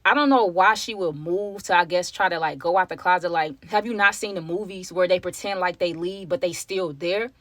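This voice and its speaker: A woman's voice: lowish voice, brisk, few pauses, a bit bright, dry recording. A young woman telling a personal story to her viewers in a casual, chatty way, often calling them y'all. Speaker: storytime vlogger.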